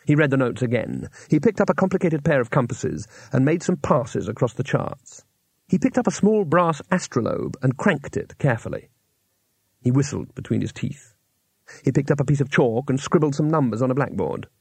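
Husky male audiobook narrator. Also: medium pitch, darkish tone, no echo. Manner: measured storytelling with character voices.

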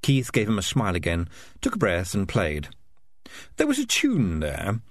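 Lively, expressive male audiobook narrator. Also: fairly low pitch, moderate pace, no echo. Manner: expressive storyteller reading.

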